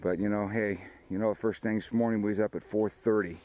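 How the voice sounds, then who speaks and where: A man's voice: fairly low pitch, steady tone, brisk, darkish tone, poor audio. An older man, hosting a hunting show outdoors by a field and rambling folksily about the hunt and his sponsors. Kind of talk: casual outdoor commentary.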